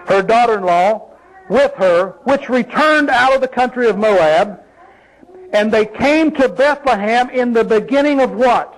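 A man's voice: sits high, rough recording. A man preaching a sermon in an emphatic, folksy way, full of rhetorical questions.

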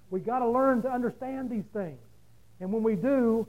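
A man with a high voice preaching a sermon. He reads scripture and then explains it, putting questions to his listeners. He moves between quiet, low stretches and loud, emphatic passages. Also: normal speed, pauses often, muffled recording.

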